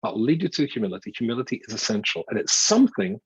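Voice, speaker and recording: A man's voice: mid-range voice, big pitch swings, very fast, slightly rough, no echo, muffled recording. An older man from Scotland, a rabbi giving an informal, chatty Torah lecture with wry self-mocking asides.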